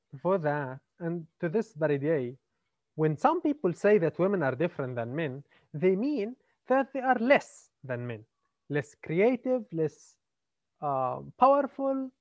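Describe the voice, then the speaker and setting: A male university lecturer explains his subject slowly and haltingly, stopping on fillers and restarting phrases. The recording is dry and close, with a slightly dull, lo-fi tone. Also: on the high side, no room sound. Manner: hesitant, many fillers and repeated words. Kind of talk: classroom lecture.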